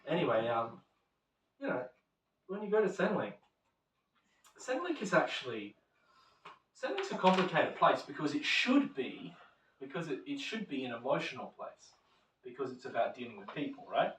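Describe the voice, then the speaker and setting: A man's voice: mid-range voice, normal speed, long pauses, slight background noise. A man giving a casual classroom lecture, telling stories and acting out little voices. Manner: animated storyteller, acts out little quoted voices. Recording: echoey room from far off.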